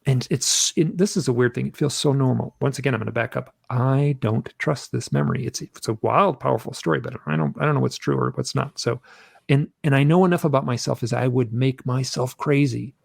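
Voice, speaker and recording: A man, a guest on a video-call interview, telling a long personal story in an animated way, acting out the voices of the people in it. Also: medium pitch, fairly quick, gravelly, husky, no echo. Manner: animated, acts out his own shouting and quotes.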